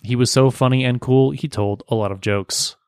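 A man's voice: mid-range voice, fairly even intonation, moderate pace, a little mellow, smooth, no room sound, studio quality. A man co-hosting a podcast, chatting casually and joking while reading a story aloud. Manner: joking, reads a story aloud, puts on silly voices. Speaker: podcast co-host. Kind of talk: casual comedic banter.

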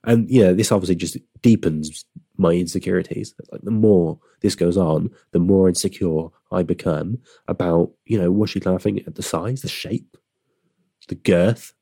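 A man's voice: low voice, normal speed, mellow, husky, no echo, clean studio sound. A young man telling a casual story in a rambling, self-deprecating way, often restarting his sentences.

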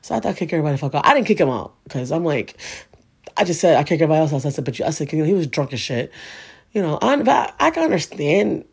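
Gravelly, husky woman telling a story. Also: low voice, big pitch swings, rapid-fire, darkish tone. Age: 30s. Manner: emotional, profane, rambling with many fillers. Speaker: vlogger. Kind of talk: personal storytelling monologue.

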